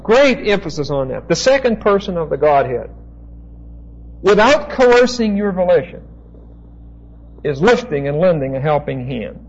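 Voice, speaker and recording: A man teaching a Bible passage as a preacher, slow and deliberate, pausing to spell out Greek words. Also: a little high, sing-song, husky, lo-fi sound.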